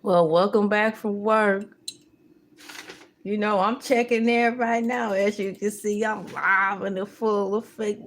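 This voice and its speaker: A woman hosting a casual live stream, animated and laughing, breaking into sung exclamations. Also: mid-range voice, slow pace. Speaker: livestream host.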